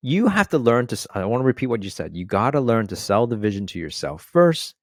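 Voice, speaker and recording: A man's voice: medium pitch, sing-song, quick pace, dry recording, studio quality. A man co-hosting a podcast, telling a personal story in a reflective, earnest way. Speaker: podcast co-host. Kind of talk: conversational podcast chat.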